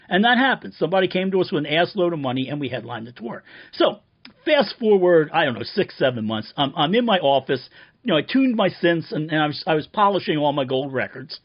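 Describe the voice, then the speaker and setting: Deadpan male comic monologuist, sardonic and profane, lively pitch, muffled lo-fi take. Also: a little fast. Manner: sardonic, profane, rambling tall tale. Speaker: band member promoting a reissue.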